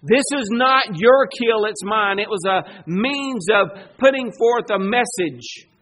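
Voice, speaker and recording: A man preaching a sermon, emphatic, asking rhetorical questions and swinging between loud declarations and hushed asides. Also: high voice, lively intonation, takes it slowly.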